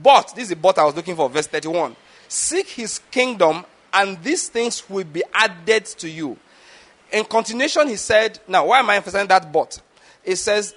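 A man's voice: sits high, a bit bright. A man, preaching a teaching sermon and often checking that the listeners follow. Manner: asks the audience questions, repeats words. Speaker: pastor.

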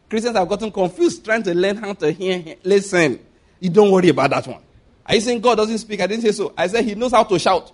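A man with a Nigerian accent preaching a sermon, animated, asking rhetorical questions and chuckling often. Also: sits high, brisk.

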